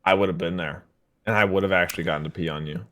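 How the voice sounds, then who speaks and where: A man's voice: sits low, fairly even intonation, very fast, a bit bright, muffled recording. A man co-hosting a podcast in casual chat, joking in a laid-back, dry way. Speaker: podcast co-host.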